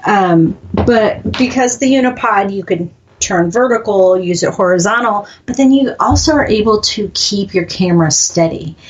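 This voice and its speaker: A woman's voice: medium pitch, moderate pace. A woman hosting a casual talk show, chatty and rambling, often restarting her sentences. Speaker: podcast host, skeptic. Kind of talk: casual chat. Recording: dull lo-fi audio.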